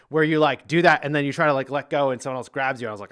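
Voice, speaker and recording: A man's voice: a little high, rapid-fire, few pauses, bright, forceful tone. A man hosting a podcast, chatting casually and telling a playful story with lots of laughter. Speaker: podcast host. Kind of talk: casual chat.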